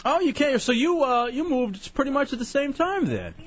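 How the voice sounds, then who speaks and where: A man's voice: very high voice, moderate pace. A man hosting a casual talk radio show, joking with his co-host and taking calls from listeners. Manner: animated, joking, takes calls. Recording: lo-fi radio broadcast.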